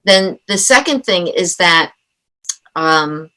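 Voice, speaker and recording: A woman's voice: on the low side, takes it slowly, low-quality recording. A middle-aged woman, a parenting coach, telling stories animatedly in a conversational interview. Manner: animated storyteller who acts out quoted dialogue.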